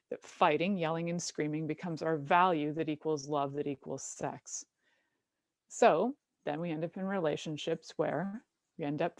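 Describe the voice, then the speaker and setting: A woman's voice: deep voice, darkish tone, no echo. A middle-aged woman hosting a talk show, chatting casually, laughing often and acting out voices as she tells stories. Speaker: show host.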